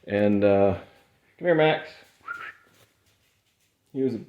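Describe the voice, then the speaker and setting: A man's voice: medium pitch, measured pace, pauses often, muffled recording. A man from the Midwest vlogging about his eBay reselling in a casual, rambling way, tired and sweating in an insulated garage. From American Midwest. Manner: relaxed, rambling, chatty with fillers. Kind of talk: casual vlog talk.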